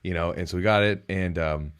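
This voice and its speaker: Low-voiced, rambling podcast host man. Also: brisk, smooth. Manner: animated and rambling, with sudden jumps in pitch. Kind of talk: casual podcast chat.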